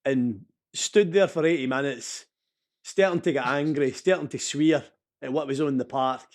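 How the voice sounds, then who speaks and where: A man's voice: medium pitch, moderate pace. A Scottish man in his thirties, a podcast co-host in casual chat, telling a story with animation and swearing freely.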